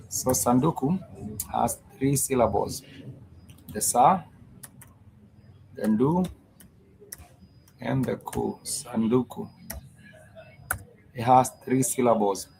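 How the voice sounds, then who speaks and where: A man's voice: medium pitch, a little mellow, a little hiss or hum, rough recording. A man teaching a live-streamed language lesson, patiently repeating words and breaking them into syllables. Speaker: Swahili teacher.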